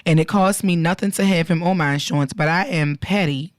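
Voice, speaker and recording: A woman's voice: lowish voice, fairly quick, no room sound, clean studio sound. A woman co-hosting a podcast, reading internet stories aloud in a casual, playful way with slangy asides and frequent laughter. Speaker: podcast co-host.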